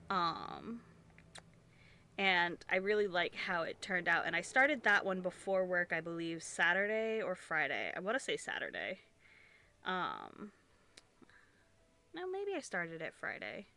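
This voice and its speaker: A woman's voice: lowish voice, very animated, unhurried, sharp tone. Congested young woman rambling casually. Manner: rambling, swears casually, trails off and restarts. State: congested, sniffling. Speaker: streamer. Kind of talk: casual chat while crocheting.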